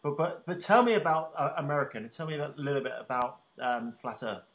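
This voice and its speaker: A man's voice: a little high, fast talker, fairly bright tone. A man hosting an interview show, chatty and jokey, sometimes stumbling over his words. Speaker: podcast host. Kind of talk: casual interview talk. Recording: echoey room.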